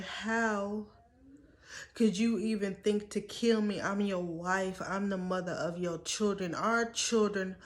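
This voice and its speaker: A young woman telling her story in a vlog, emotional and earnest, holding back tears as she pleads with viewers. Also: medium pitch. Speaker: vlogger.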